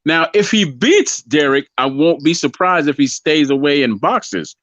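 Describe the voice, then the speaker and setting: A man's voice: fairly high pitch, animated, measured pace, a bit bright, no room sound, highs cut off. A man co-hosting a casual boxing talk show, rambling and repeating himself as he argues his predictions. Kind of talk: casual sports debate.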